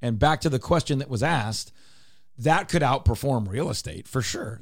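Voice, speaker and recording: A man's voice: mid-range voice, lively intonation, normal speed, gravelly, no echo, clean studio sound. A man hosting a talk radio show, explaining his points emphatically and repeating them for clarity. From Texas. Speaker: radio show host, real estate broker.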